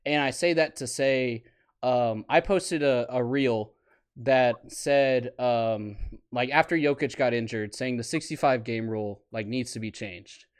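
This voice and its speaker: A man's voice: mid-range voice, unhurried, clear, resonant tone. A young man hosting a casual podcast chat, chatty and prone to tangents, laughing at his own stories. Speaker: podcast host.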